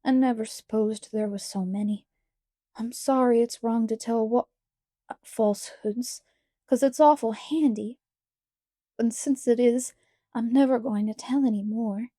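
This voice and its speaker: A woman's voice: fairly high pitch, fairly even intonation, unhurried, warm tone, dry recording, studio quality. A woman voicing an impish six-year-old boy in a storybook reading, pleading and sobbing in childish slang. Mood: questioning.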